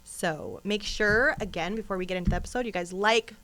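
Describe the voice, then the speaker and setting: A woman's voice: mid-range voice, fairly quick, fairly bright tone, faint music behind. A woman co-hosting a true crime podcast in casual, chatty talk, rambling into asides and laughing often. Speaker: podcast co-host.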